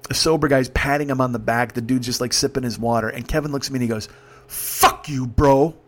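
A man's voice: medium pitch, steady tone, racing, background noise. Middle-aged male host, emphatic profane storyteller, mid-range voice. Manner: emphatic, heavy swearing, vivid retelling.

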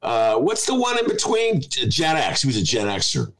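A man's voice: medium pitch, huge pitch swings, normal speed, fairly bright tone, poor audio. A man hosting a casual talk show from home, wry and rambling in his chat. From United States. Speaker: host.

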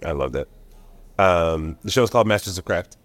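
A man's voice: low-pitched, expressive, brisk, a bit bright, dry recording. A man hosting an interview podcast, casual and chatty, filling his questions with "like". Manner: casual, uses "like" often, laughs easily. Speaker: podcast host. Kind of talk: conversational interview.

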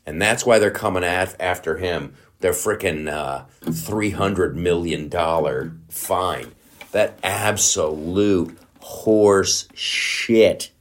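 Middle-aged man, podcast host, profane rant, lowish voice, loud bursts. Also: slow pace. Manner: profane, worked-up ranting with loud outbursts; mumbling around a guitar pick in his mouth. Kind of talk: casual comedic political rant.

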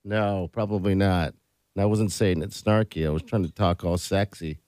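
A man hosting a morning radio show, joking with co-hosts and reading quick promos. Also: sits low, steady tone, a little mellow, no room sound, clean studio sound. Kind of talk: casual morning radio chat.

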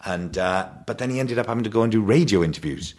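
A man telling family anecdotes on a podcast, animated and slipping into voices. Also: fairly low pitch, fast talker. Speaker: podcast guest. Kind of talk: casual chat, storytelling.

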